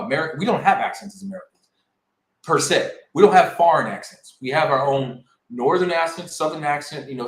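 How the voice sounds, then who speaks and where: A man's voice: a little high, a bit bright. Emphatic man in his forties, echoey room. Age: 40s. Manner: emphatic, worked-up storytelling. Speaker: podcast co-host. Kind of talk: casual podcast discussion.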